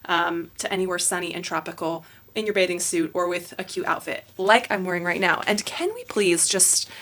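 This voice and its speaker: Bright, gushing woman vlogger. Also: fairly low pitch, moderate pace, a little hiss or hum. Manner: chatty, gushing, many filler likes. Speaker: fashion YouTuber. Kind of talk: casual try-on haul chat.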